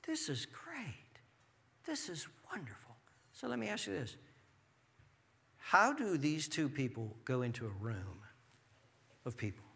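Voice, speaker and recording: A man preaching a sermon as pastor, animated and acting out people's inner thoughts. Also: mid-range voice, measured pace, gravelly, long pauses, husky.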